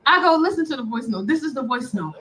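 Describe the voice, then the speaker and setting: A woman doing stand-up comedy, telling a story in an animated way to a live audience. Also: high voice, fast, poor audio. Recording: loud live club audience.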